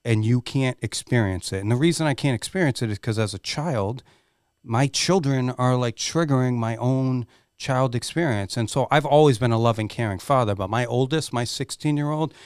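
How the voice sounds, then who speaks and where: A man's voice: medium pitch, moderate pace, a little mellow, clean tone, no echo, clean studio sound. A middle-aged man speaking as a podcast guest, telling a candid personal story in an earnest, emotional way and swearing freely.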